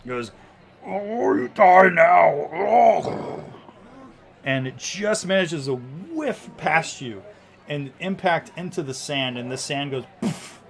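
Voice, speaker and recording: A man's voice: fairly high pitch, very animated, measured pace, a bit bright. A man narrating a fantasy battle. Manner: vivid, descriptive narration with frequent restarts. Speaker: game master. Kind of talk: narrating a tabletop game.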